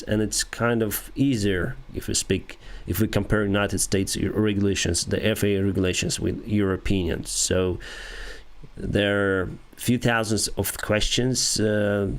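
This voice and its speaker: Ukrainian-accented man chatting on a live stream. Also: on the low side. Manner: halting non-native English with restarts and soft laughs. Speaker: airline pilot and live-stream host. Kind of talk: casual live-stream chat answering viewers.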